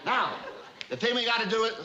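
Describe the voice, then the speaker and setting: A man's voice: very high-pitched, sing-song, sharp tone, exaggerated voice. An actor playing a brash, bossy businessman obsessed with efficiency, firing off orders and repeating words in 1960s sitcom style, on dull, noisy old TV audio. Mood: brisk. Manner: rapid-fire, barking orders, repeats words. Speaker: efficiency expert boss.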